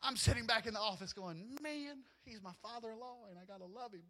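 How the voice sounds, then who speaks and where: A man with a high, bright voice preaching a sermon. He tells personal stories with lively, animated energy and often climbs almost to a shout. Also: fairly quick. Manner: animated storytelling, often rising to near shouts, with laughs. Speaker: pastor.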